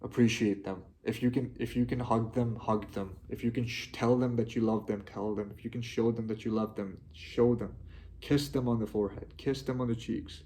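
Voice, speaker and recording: A young man talking to his viewers, heartfelt and halting, often restarting his sentences. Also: mid-range voice, fairly even intonation, mellow, a little hiss or hum. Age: young adult. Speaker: vlogger. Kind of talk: personal reflective monologue.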